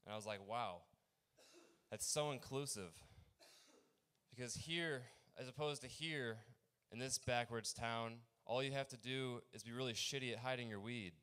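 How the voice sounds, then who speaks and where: A man's voice: mid-range voice, bright, forceful tone, clear, resonant tone. Rambling young man doing stand-up. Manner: rambling, halting with fillers and restarts. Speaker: open mic comedian. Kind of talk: stand-up comedy set.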